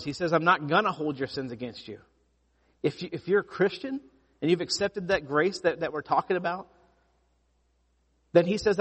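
A pastor preaching a sermon, telling stories with lively emphasis and frequent restarts. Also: male voice, on the high side, normal speed, slightly rough, big-room sound. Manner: animated storytelling with repeated restarts.

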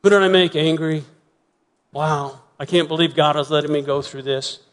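Male pastor, fairly high voice, earnest sermon delivery with repetitions and soft emphatic pauses, long church-hall reverb. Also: steady tone. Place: church sanctuary.

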